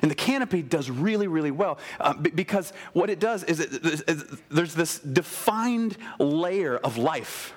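A middle-aged man preaching a conversational sermon in an animated way, speaking straight to the people in front of him. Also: a little high, moderate pace, hardly any pauses. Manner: animated, talks straight to the listeners.

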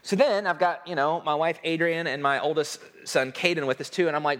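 A man's voice: on the high side, lively intonation, fairly quick, a bit bright. A man in his thirties giving an earnest sermon-style talk on parenting, telling a family story and acting out the dialogue.

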